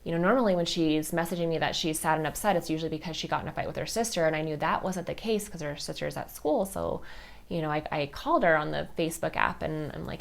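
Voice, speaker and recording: A woman's voice: low-pitched, fast talker, gravelly. A woman in her thirties hosting a personal podcast, telling heartfelt stories in a candid, chatty way full of fillers. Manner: candid, heartfelt, many fillers like "like" and "you know". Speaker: podcast host.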